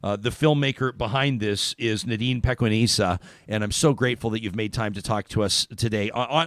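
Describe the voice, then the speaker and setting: A man's voice: mid-range voice, dry recording. Chatty male talk show host, dry sound. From Canada. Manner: animated storyteller, chatty with many restarts. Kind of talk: casual talk show chat.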